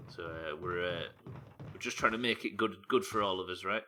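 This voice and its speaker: A Yorkshire-accented streamer from Yorkshire, England, talks to his viewers over a game in casual chat, joking and wondering aloud. His voice sits low, brisk, bright and forceful, with a little hiss or hum audible.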